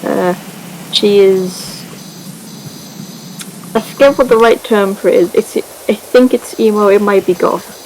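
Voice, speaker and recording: A woman chatting casually as she recaps a story over gameplay, rambling and full of fillers and little giggles. Her voice sits at a medium pitch for a woman. A faint hiss runs underneath. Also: measured pace, pauses often, darkish tone, poor audio. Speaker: gaming video creator.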